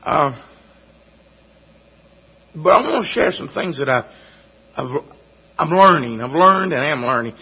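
A man giving a sermon testimony in a halting, folksy way, often repeating his words. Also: fairly high pitch, expressive, vocal fry, breathy edge. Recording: dull lo-fi recording.

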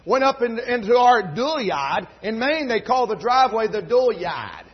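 In a church in North Carolina, a middle-aged male pastor preaches with a very high, husky, highly animated voice at normal speed. His folksy storytelling climbs into emphatic fervor, captured in dull lo-fi sound.

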